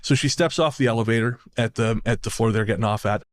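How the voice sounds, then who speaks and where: A man's voice: lowish voice, quick pace. A man from Canada co-hosting a podcast, chatting casually, telling stories with laughs and the odd swear. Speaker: podcast co-host. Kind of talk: casual chat.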